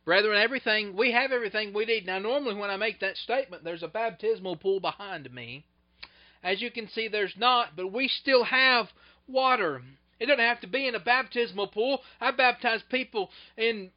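High-voiced preacher man, rising and falling. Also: dull audio. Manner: preaching with sudden loud swells and soft, slowed drops. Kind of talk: sermon.

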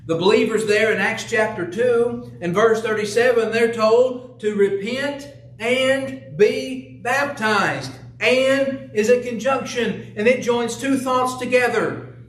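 A man's voice: very high voice, slow, far from the mic. A man preaching a sermon in a church, earnestly asking rhetorical questions and reading scripture aloud. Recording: echoey room, voice from off the mic.

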